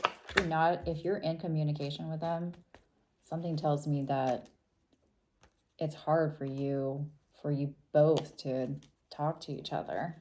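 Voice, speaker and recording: A woman giving a casual tarot reading, talking in a soft, thoughtful way and often trailing off and restarting. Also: low-pitched, little pitch movement, unhurried, slight background noise. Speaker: tarot reader.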